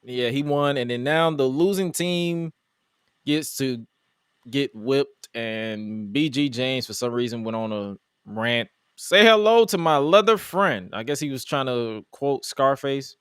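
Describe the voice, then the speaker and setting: A man hosts a casual wrestling review, talking in an animated, mocking way and quoting his own exasperated reactions. His voice sits at a middle pitch. The sound is dry and close, with no room around it. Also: a little slow, clean tone, dry recording. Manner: animated, mocking, quotes himself in exasperated asides. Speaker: podcast host.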